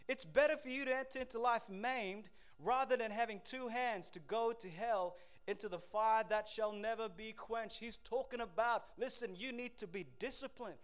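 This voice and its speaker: A man with a high, light voice preaches a lively sermon. He shifts between calm teaching and fired-up exhortation, tossing out asides to his listeners. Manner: energetic preaching with call-and-response asides. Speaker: pastor.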